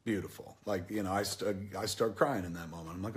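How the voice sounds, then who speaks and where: A man's voice: on the low side, fast talker. A man in his forties giving a casual, rambling film review, swearing often and getting emotional as he tells the story. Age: 40s.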